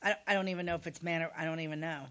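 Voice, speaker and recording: A woman's voice: sits low, fairly even intonation, very fast, a bit bright. A woman co-hosting a casual chat show, talking in a chatty way and laughing often. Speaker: co-host.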